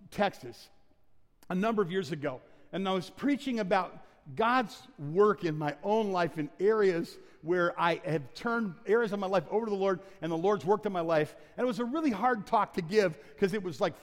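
A male pastor preaching a sermon, telling stories and swinging between hushed, quiet passages and loud, emphatic ones. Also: on the high side. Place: church sanctuary. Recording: long church reverb.

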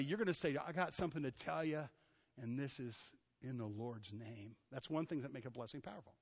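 Pastor, male, chatty sermon delivery, fairly high voice, long reverb, dull lo-fi sound. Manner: casual, animated, acts out quoted people. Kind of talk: conversational sermon. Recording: muffled sound in a reverberant hall.

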